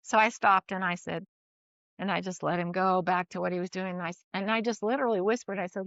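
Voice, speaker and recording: A middle-aged woman appearing as a guest shares a personal parenting story in casual conversation. She's animated, often restarting her sentences and laughing between phrases, with a lowish voice and a quick pace. The recording is muffled, with no room sound.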